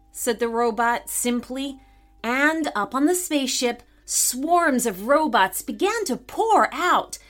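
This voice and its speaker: A woman narrates a children's story with a higher-than-usual, very lively voice. She reads slowly and deliberately, and faint music sits underneath her. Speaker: podcast host and storyteller.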